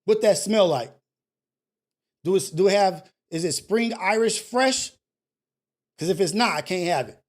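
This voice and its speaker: A man's voice: sits high, lively intonation, a little slow, long pauses. A man voicing a fussy, stubborn grown man who drags out picky questions.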